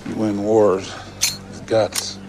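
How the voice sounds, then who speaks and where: An actor playing a blunt, tough army colonel in a film clip. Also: male voice, fairly low pitch, little pitch movement, takes it slowly. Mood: gruff. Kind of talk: film dialogue. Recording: film clip played in room, faint noise.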